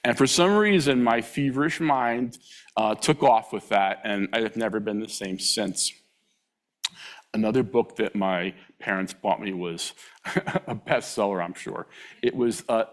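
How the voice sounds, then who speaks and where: A middle-aged man giving a public lecture, telling humorous anecdotes, chuckling and acting out quoted voices with sudden jumps in pitch. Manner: draws out foreign words slowly for the audience to repeat.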